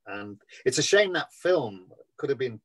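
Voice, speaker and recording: A man in his sixties with a Scouse accent talks through old jobs in a loose, rambling way. His pitch sits in the middle of the male range, and he trails off into asides as he goes. It sounds like a video call from home. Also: very animated, measured pace. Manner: rambling storyteller, acts out quoted voices. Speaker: actor being interviewed. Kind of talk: casual anecdotal chat.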